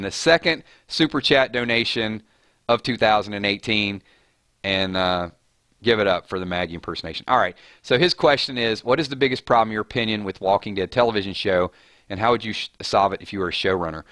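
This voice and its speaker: A man hosting a live fan commentary stream, animated and argumentative in a conversational way. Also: mid-range voice, no room sound. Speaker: host.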